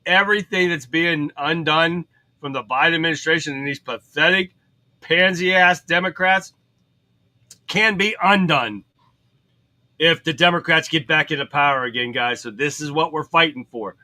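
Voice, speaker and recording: A man's voice: on the high side, normal speed, pushed and bright, rough recording. A man hosting a political livestream, reading headlines aloud and ranting about them in a blunt, profane way, answering viewers as he goes. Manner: reads headlines then comments, chats with viewers. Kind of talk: casual commentary reading headlines.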